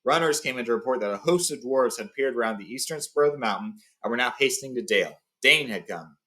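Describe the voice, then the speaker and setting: Brief: a relaxed male reader, mid pitch, casual read-aloud storyteller. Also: quick pace. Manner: loose, with fillers and paraphrasing.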